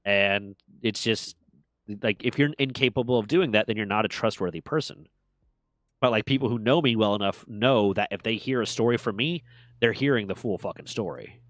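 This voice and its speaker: A man's voice: fairly low pitch, fairly quick, a bit bright, dry recording, studio quality. A man in casual chat, telling heated stories with plenty of swearing. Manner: profane, heated storytelling.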